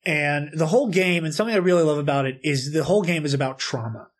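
A man with a slightly raised voice chats excitably on a podcast, piling up fillers as he retells a game moment. His telling is animated and casual. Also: fairly high pitch, fast. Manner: excitable, storytelling with lots of fillers. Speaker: podcast co-host. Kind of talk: casual podcast chat about video games.

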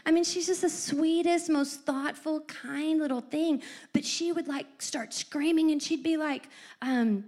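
A middle-aged woman co-hosting a faith-based parenting chat, telling stories with lively asides. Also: high-pitched, unhurried. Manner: animated storyteller with lively asides.

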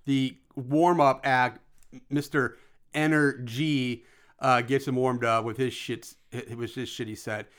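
A man's voice: medium pitch, little pitch movement, slow pace, a bit bright, smooth. A man in casual chat with a co-host, chiming in and correcting details about a movie. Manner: chimes in, corrects details, laughs along. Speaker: podcast co-host.

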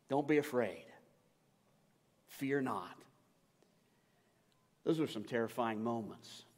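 A man preaching a sermon, telling a personal story that moves between hushed and urgent moments. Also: fairly high pitch, big-room sound. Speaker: pastor.

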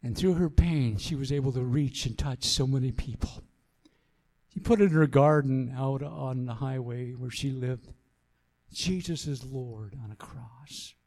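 A man's voice: mid-range voice, normal speed, mellow. A man pastor giving an earnest sermon, repeating phrases for emphasis as he tells a story and then exhorts the congregation.

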